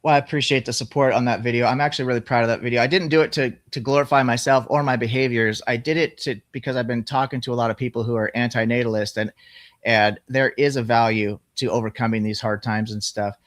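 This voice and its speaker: A man telling a personal story in casual, profane conversation, animated as he goes. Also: mid-range voice, fast, no echo, studio quality.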